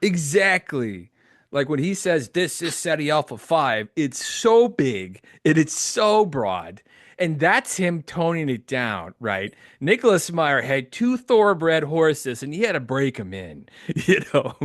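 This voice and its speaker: A man hosting a casual podcast chat, excitable, laughing often and quoting lines. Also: on the high side, takes it slowly, dry recording, clean studio sound. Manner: excitable, laughs often, quotes the film in character. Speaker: podcast host.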